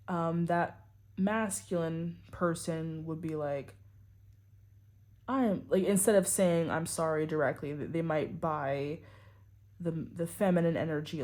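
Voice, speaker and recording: Woman, tarot reader, low voice, mellow tone, rambling casual talk. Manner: rambling, full of "like" and "you know".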